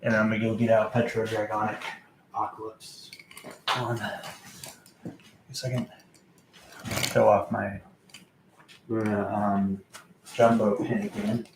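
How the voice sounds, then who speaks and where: Recorded in a reverberant space with background noise, this lowish, level-toned man vlogs about his records in a rambling, halting way. He fills the gaps with fillers and talks to himself while hunting through the collection.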